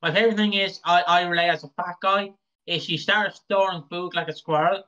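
A man's voice: high-pitched, steady tone, a little fast, over a noisy crowd. Rambling jokey man, lo-fi mic. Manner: rambling, jokey, stumbles over words. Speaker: podcast co-host. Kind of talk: casual chat recapping a soap opera. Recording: dull lo-fi mic.

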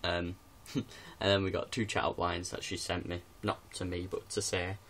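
A man's voice: sits low, flat delivery, normal speed, a bit bright. A man vlogging in his bedroom in casual, rambling chat to camera, giggling often. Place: bedroom with music posters on the wall.

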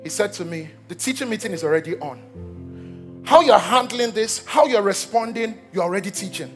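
A man's voice: high-pitched, moderate pace, soft background music. A young Nigerian man, a pastor, telling a story in a sermon, joking with the congregation as he goes. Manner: animated storytelling, jokes with the congregation.

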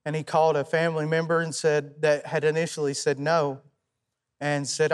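A young man with an East Tennessee accent, a musician guest on a talk show, telling his story softly with many pauses and ums. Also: a little high, little pitch movement. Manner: soft-spoken and halting, many ums.

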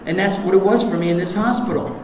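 A man sharing his recovery story at a meeting, animated and acting out the voices of others, sometimes shouting for effect. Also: sits high, fast talker. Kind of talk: recovery share to a live audience. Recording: echoey hall recording with audience.

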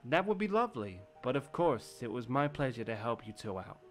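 A man's voice: mid-range voice, big pitch swings, brisk, close to an everyday voice. A man voicing a polite, reserved young hero who narrates a story game in mild, formal phrasing. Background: game music.

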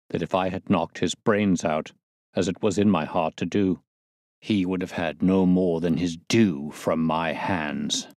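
A bitter, broken old soldier, as a male reader voices him, telling his tale slowly and heavily. The voice is very deep and the recording is dry and close. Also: darkish tone, no room sound. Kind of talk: audiobook character reading.

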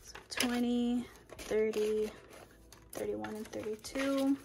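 Young gal counting out cash and chatting, kinda high voice, little bit of hiss. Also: female voice, steady tone, slow, creaky. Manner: counting bills aloud, chatty and upbeat. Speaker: budgeting vlogger. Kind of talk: casual cash-stuffing chat.

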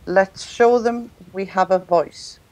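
A woman's voice: mid-range voice, takes it slowly, mellow, poor audio. A woman co-hosting a web chat show, reading out an announcement and bossing the others about in fun. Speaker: co-host of a vaping web show. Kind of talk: casual chat with a spoken announcement.

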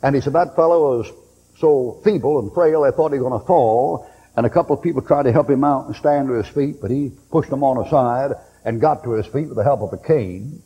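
A man's voice: mid-range voice, brisk, husky, highs cut off. Folksy preacher man in a reverberant hall. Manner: folksy storytelling preacher, acting out quoted voices. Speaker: pastor. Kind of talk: sermon.

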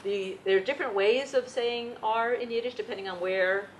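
A woman leading a Yiddish singing workshop, explaining patiently and gently, with occasional fillers. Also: a little high, moderate pace, a little hiss or hum, low-quality recording. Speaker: Yiddish song leader.

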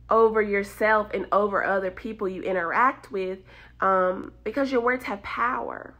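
Young southern country woman doing a devotional, bright voice, lively and emphatic. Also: medium pitch. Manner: lively, emphatic, laughs often. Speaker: devotional speaker. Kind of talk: informal devotional talk.

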